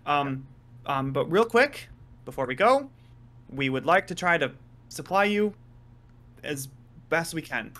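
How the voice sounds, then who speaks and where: A man's voice: a little high, expressive, a little slow, long pauses, fairly bright tone. A man narrating a tabletop role-playing game as game master, briefly slipping into the voices of the people in the scene.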